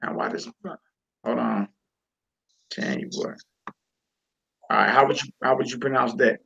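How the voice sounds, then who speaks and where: A man's voice: medium pitch, fairly even intonation, measured pace, gravelly, sharp tone, lo-fi sound. A man teaching a reading lesson, patient and encouraging, repeating words and checking in with the learner often.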